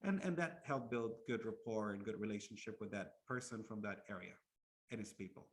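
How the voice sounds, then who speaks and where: An Islamic lecturer delivers a storytelling sermon in a lowish voice at a brisk pace. He's lively, often restarts his words, and acts out the quotes.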